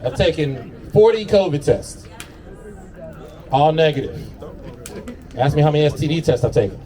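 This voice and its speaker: A man's voice: fairly high pitch, expressive, moderate pace, a crowd in the background. A man doing a brash stand-up comedy set on an outdoor patio, swearing and laughing through his own lines. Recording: distant mic with loud audience.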